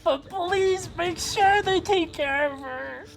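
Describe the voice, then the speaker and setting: A tabletop player voicing a frightened goblin prisoner who pleads in a high, whiny voice. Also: slow pace, creaky, exaggerated voice.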